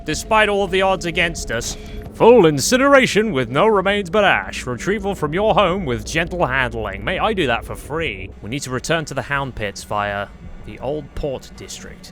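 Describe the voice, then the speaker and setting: A man's voice: on the high side, sing-song, moderate pace, a bit bright, soft background music. A young man giving casual, jokey, sweary commentary while he plays a game. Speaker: gameplay commentator.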